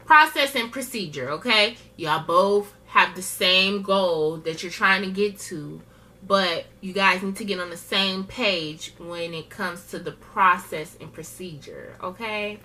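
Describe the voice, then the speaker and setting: A woman imitating a blunt, weary female TV judge with a lower voice. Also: measured pace, sharp tone. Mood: fed up. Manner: blunt, dismissive.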